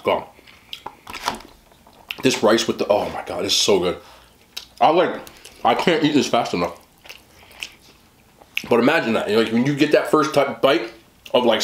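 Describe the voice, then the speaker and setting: A man's voice: medium pitch, echoey room, noisy background. A man hosting a casual eating vlog, chatting with his mouth full about the food. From West Indian family. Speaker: mukbang host.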